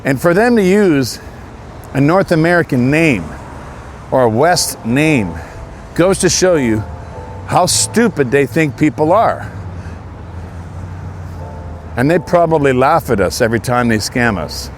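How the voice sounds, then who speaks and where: A man's voice: on the high side, expressive, a little slow, long pauses, faint music behind. A man from Canada talking casually while out on a walk, earnest and indignant, with a preachy edge. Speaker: vlogger. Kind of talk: casual walking monologue. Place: outdoors on a walk near traffic.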